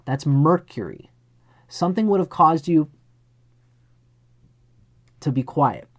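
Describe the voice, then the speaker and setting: A man delivers a live astrology chart reading in a fairly high, very animated voice at a slow pace. He speaks earnestly and straight to the person he's reading for, acting out little scenes along the way.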